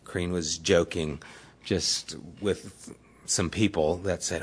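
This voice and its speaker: A man's voice: low-pitched, fairly even intonation, slow, breathy edge. A man preaching a sermon as the pastor, retelling scripture in everyday, conversational words.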